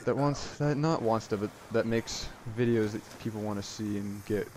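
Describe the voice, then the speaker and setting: Rambling low-voiced man doing gameplay commentary. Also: normal speed. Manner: rambling, excitable, retells moments with "I was like". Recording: noisy game audio underneath. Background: game sound effects.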